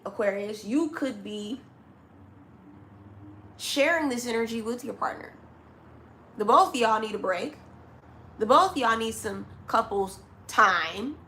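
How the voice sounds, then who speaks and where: Woman tarot reader, fairly high voice, blunt and scolding, casual slang, hammers points home. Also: pushed and bright, slight background noise. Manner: blunt, scolding, talks straight to the listener. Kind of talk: zodiac tarot reading to camera.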